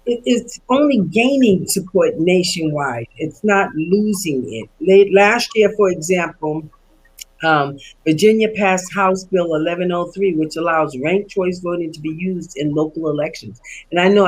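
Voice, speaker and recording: A woman speaking on a panel, explaining voting policy in an earnest, steady way with occasional fillers. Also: on the low side, a little hiss or hum, rough recording. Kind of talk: panel discussion remarks.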